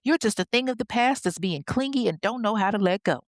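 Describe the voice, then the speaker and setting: A podcast narrator voicing a bold young woman who talks back in a sassy, dismissive way, pitched well above the narration. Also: expressive, fairly quick, dry recording, studio quality, close to an everyday voice. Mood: defiant.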